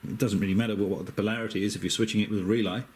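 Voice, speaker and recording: A middle-aged man with an Australian accent, speaking a little on the low side, explains a circuit step by step. His delivery is easygoing and chatty, full of small hesitations and dry asides. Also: fairly even intonation, racing, darkish tone. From Western Australia. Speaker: amateur radio operator. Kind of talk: casual technical explanation.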